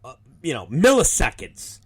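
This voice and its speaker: A male show host and wrestling promoter, telling a story casually in a profane, animated way. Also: medium pitch, normal speed, husky. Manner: animated, profane, acts out the people in his stories.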